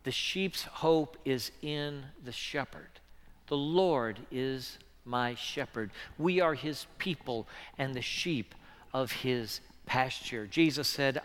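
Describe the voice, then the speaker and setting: Bright-voiced preacher in a reverberant church. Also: male voice, mid-range voice, slow. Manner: earnest preaching that swells from hushed to loud and back. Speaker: pastor. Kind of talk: sermon.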